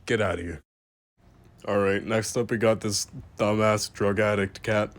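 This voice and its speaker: Male host, deadpan comedic commentary; mock-serious animal critic, casual swearing. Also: fairly low pitch, unhurried. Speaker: host reviewing animal pictures.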